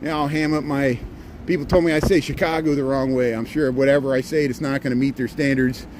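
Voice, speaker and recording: A folksy Midwestern man in his forties rambles through a walking livestream, talking into his phone as he goes. His voice is mid-pitched and plain. Clear traffic and city noise run behind him on the wet street. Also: steady tone, a little fast. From Indiana. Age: 40s. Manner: folksy, rambling, repeats "here" and "there". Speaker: livestream host. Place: outdoors on a city street in light rain.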